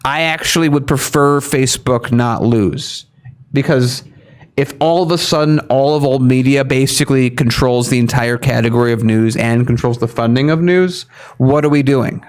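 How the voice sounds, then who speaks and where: Man, young adult, online news co-host, argumentative, animated, mocking quotes. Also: medium pitch, normal speed. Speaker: co-host of a news commentary show. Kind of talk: casual opinion commentary.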